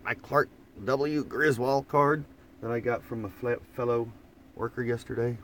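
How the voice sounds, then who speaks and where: The vlogger here has a medium-pitched, slightly bright voice with little pitch movement and a measured pace. He talks in an Oklahoma twang on a morning stream from an old camper van, easygoing and rambling, restarting words often, into a phone set up in front of him.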